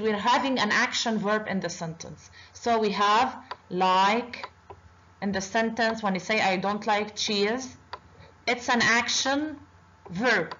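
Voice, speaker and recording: Woman teaching slowly with many uhs. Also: a little high, fairly bright tone, dull audio, slight background noise. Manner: slow and deliberate, with many drawn-out uhs. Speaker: Arabic teacher. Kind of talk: online language lesson.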